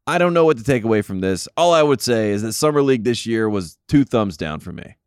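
A man's voice: lowish voice, big pitch swings, fast talker, smooth, no echo. A man co-hosting a sports podcast in casual chat, giving blunt, opinionated takes with dry sarcasm. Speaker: podcast co-host.

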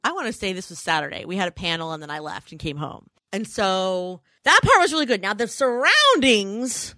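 A woman in her thirties co-hosting a podcast, telling a rambling story in casual chat, full of "like" fillers and quick self-corrections. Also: medium pitch, big pitch swings, pushed and bright, dry recording. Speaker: podcast co-host.

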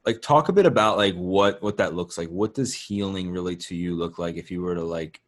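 A man hosting an interview, talking casually with many fillers and restarts. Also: deep voice. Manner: casual, filler-heavy, halting. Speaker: podcast host. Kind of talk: interview conversation.

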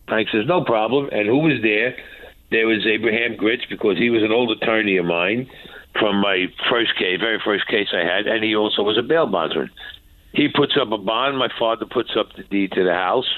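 A man's voice: fairly low pitch, expressive, normal speed, dry recording. A man telling a courtroom story, bluntly and profanely, acting out what each person said. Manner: acts out quotes, blunt and profane. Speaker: former mob enforcer guest. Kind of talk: animated storytelling. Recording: dry tinny phone-like line.

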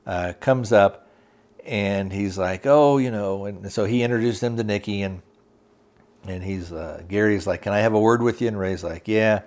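A man hosting a podcast who casually retells a TV episode's plot, rambling and halting with many fillers. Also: fairly low pitch, a little mellow. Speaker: podcast host reviewing a TV series.

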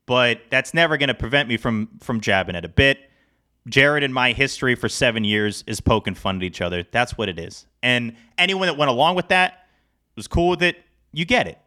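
A man co-hosting a sports podcast, talking in a casual, animated, rambling way. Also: medium pitch. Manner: animated, rambling, self-deprecating. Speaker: podcast co-host.

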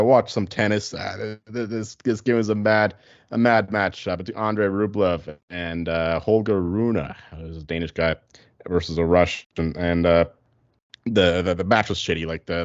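A man's voice: low voice, no room sound, lo-fi sound. A man co-hosting a sports podcast, rambling in a laid-back way with lots of fillers. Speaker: podcast co-host. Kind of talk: casual sports podcast chat.

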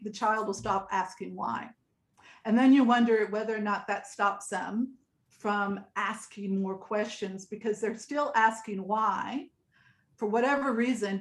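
An older woman in her sixties tells stories from her life in a loose, chatty way, often drifting off and laughing as she goes. Her voice sits at a middle pitch, and the room around her gives it a noticeable echo. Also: measured pace. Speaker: interview guest. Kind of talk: casual storytelling. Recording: echoey room.

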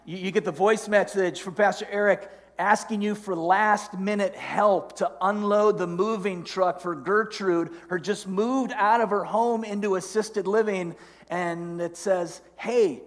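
A man's voice: high-pitched, a little slow, big-room sound. A middle-aged man preaching a sermon as pastor, telling stories animatedly. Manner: storytelling, animated, acts out inner voices. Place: church sanctuary.

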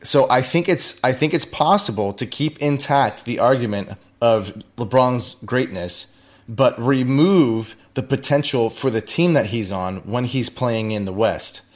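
A man on a sports panel reasoning aloud in a measured way. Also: medium pitch. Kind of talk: sports debate talk.

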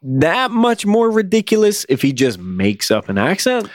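A man's voice: sits high, wildly swooping pitch, unhurried, dry recording. A man co-hosting a casual podcast about movies, talking with wry, dry humor. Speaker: podcast co-host.

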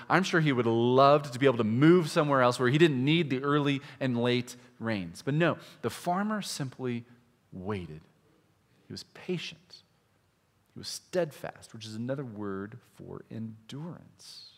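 A male pastor from Iowa preaching a conversational sermon, swinging between loud, emphatic stretches and hushed, low asides. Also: lively intonation, moderate pace, long reverb tail. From Iowa, USA. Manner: conversational, with restarts and direct questions to listeners.

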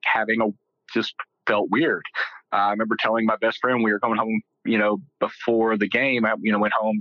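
A man's voice: lowish voice, dry recording, muffled recording. A middle-aged man from Texas, a guest telling his story casually, rambling with fillers and joking.

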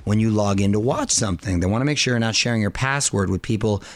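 A man's voice: on the low side, quick pace. Upbeat male radio host. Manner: energetic, jokey banter.

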